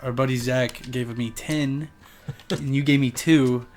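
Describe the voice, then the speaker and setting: A man's voice: medium pitch, steady tone, measured pace, slight background noise. A young man from the American Midwest chatting casually on a podcast, telling a crude story with a laid-back manner and frequent laughter. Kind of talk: casual chat.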